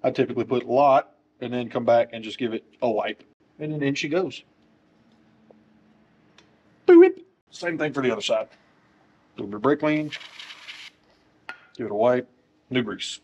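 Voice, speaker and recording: A man's voice: mid-range voice, moderate pace, long pauses, darkish tone, slightly rough, highs cut off. A man working as a motorcycle technician, talking through a wheel install in a workshop with joking, self-deprecating asides. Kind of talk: casual how-to tutorial.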